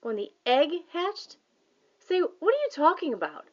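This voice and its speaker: A woman voicing a sleepy, gruff man with a husky voice answering the phone. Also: high voice, wildly swooping pitch, a little slow, highs cut off, pitched above the performer's own voice, heavily acted.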